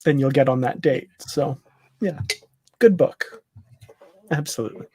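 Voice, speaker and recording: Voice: medium pitch, measured pace, a little mellow, breathy edge, dry recording. A co-host in a casual live-stream chat, easygoing, laughing often and hesitating with fillers.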